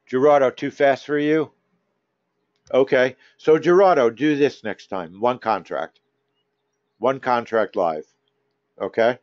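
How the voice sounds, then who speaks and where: A man runs a live trading session and talks straight to his members, coaxing and teasing them. His voice sits at an average pitch. The sound is dry and a little dull, like a lo-fi stream. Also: takes it slowly, long pauses, no echo. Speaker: trading room host.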